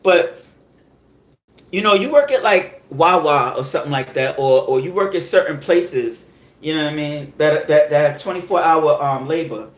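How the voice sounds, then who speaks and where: A man hosting a podcast, telling a story in a heated, animated rant full of profanity and repeated check-ins with the listener. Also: on the high side, normal speed. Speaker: podcast host. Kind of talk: casual storytelling monologue. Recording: roomy echo.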